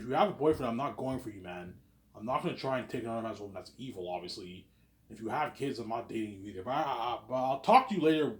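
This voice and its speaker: Rambling man in an echoey room. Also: medium pitch. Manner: repeats "obviously" and "man", chatty and self-assured. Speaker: vlogger. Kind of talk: casual rambling monologue. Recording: roomy echo.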